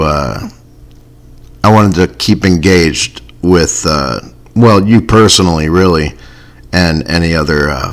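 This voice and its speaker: A man hosting a comedy podcast, rambling in a wry, self-mocking way. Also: deep voice. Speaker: podcast host. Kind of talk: casual comedy podcast chat.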